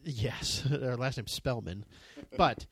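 A man's voice: mid-range voice, slow, fairly bright tone, breathy edge, no echo. A man hosting a casual podcast, talking in a laid-back, joking, slangy way. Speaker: podcast host. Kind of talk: casual chat.

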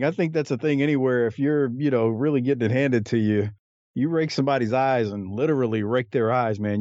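A man's voice: mid-range voice, dry recording, lo-fi sound. A man co-hosting a podcast, chatting casually about a wrestling match and acting out the wrestlers' lines. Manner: animated, acts out wrestlers' lines in a raised voice.

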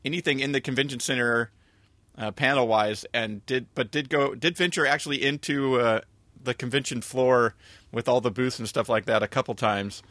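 A man's voice: mid-range voice, moderate pace, fairly bright tone, dry recording. A man co-hosting a podcast in casual chat, rambling and correcting himself as he goes. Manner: rambling, self-correcting, chuckles often. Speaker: podcast co-host.

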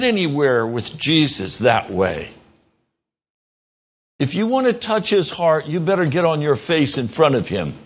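A man's voice: very animated, lo-fi sound. A man preaching an earnest, emphatic radio sermon as a pastor. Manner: earnest preaching, slow and emphatic, rising in pitch when pressing a point.

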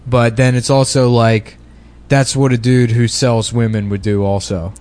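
A man's voice: mid-range voice, little pitch movement, normal speed, darkish tone. A man riffing crudely and joking in a casual comedy podcast chat.

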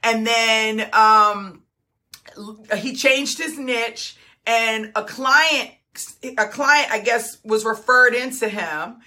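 A woman's voice: fairly high pitch, slow, pushed and bright. A middle-aged woman hosting a group coaching call, talking in a fired-up, emphatic way. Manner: fired-up, emphatic, laughs often. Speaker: host.

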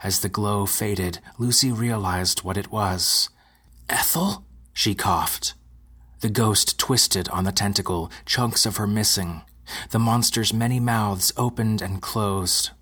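A man narrating a dark fantasy story in a steady, measured way, with a husky voice. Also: on the low side. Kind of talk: scripted narration.

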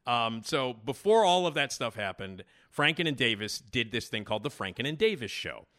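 Rambling male podcast host, bright voice. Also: medium pitch, sing-song, normal speed. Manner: rambling, many fillers. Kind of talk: casual commentary.

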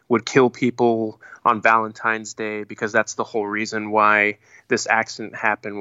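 Bright-voiced man casually recapping a movie. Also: lowish voice, clear, resonant tone, no room sound, dull audio. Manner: laid-back, rambling, with many fillers and restarts. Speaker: podcast co-host.

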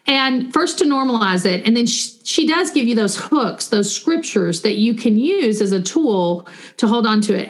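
A woman, a Christian counselor and author answering interview questions in an animated way. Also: on the high side. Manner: animated, warm storytelling with quoted voices; guides listeners through a breathing exercise.

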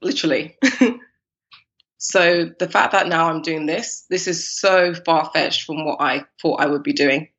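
A woman's voice: low-pitched, measured pace, highs cut off. A woman from London with a London accent, a guest talking casually in an interview, chatty and laughing often. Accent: London English. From London, England. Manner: chatty, laughs often, animated when quoting people. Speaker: guest, cupcake business founder.

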